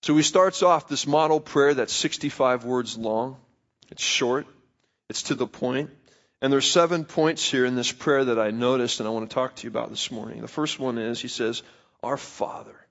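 A young male preacher tells family stories in the middle of his sermon, loose and conversational, and he pokes fun at himself. His voice sits at an ordinary middle pitch. The recording sounds a little dull and lo-fi. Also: normal speed, a bit bright. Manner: conversational storytelling with self-deprecating humor.

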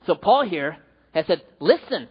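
A man preaching a sermon, telling a personal story in an animated way and asking the audience questions. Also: on the high side, fairly quick, breathy edge. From US West Coast. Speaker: pastor. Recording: dull hall reverb.

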